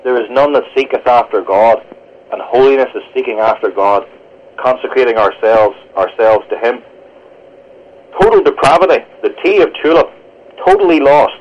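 A man, a pastor, answering on a radio show with earnest, halting restarts while quoting scripture. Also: mid-range voice, lively intonation, dull audio. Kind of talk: radio interview, theological answer.

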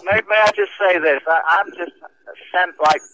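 A man with a mid-Atlantic accent, between British and American, joins a radio show as a guest. His voice is bright and a little high, and he talks earnestly with a wry edge over a tinny phone line. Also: moderate pace, a little hiss or hum. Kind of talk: casual radio talk show conversation.

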